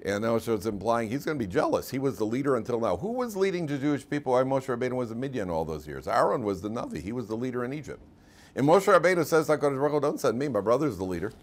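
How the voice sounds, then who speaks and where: A man teaching a lively Torah class as a rabbi, telling stories animatedly and laughing often in front of his students. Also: medium pitch, very fast. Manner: animated, acts out quotes in put-on voices, laughs often.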